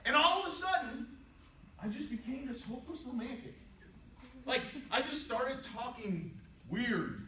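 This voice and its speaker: A middle-aged man giving a playful, animated inspirational talk to students in a large hall, telling stories and acting out quotes. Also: extremely high pitch, measured pace, slight background noise. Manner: playful, animated storytelling with jokes and acted-out quotes. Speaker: motivational speaker. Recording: echoey hall, voice from a distance.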